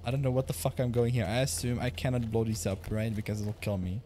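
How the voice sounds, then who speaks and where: A man's voice: mid-range voice, steady tone, quick pace, mellow, a little hiss or hum. A young man streaming a video game from home, rambling casually, swearing and laughing often. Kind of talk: casual gaming livestream chat.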